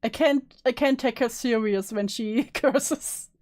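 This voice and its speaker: A woman's voice: fairly high pitch, takes it slowly, a little mellow. A woman streamer reacting to a clip in casual commentary, teasing and laughing, with free swearing.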